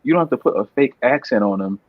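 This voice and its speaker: A man's voice: medium pitch, lively intonation, fast talker, no room sound. A young man talking as a podcast guest in casual chat, rambling and repeating words, laughing often. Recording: dull, muffled dry sound.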